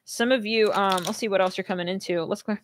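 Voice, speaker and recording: A woman's voice: mid-range voice, steady tone, fast, a little hiss or hum. A woman doing a casual tarot reading for viewers, talking in a rambling way full of fillers and restarts. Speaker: tarot reader.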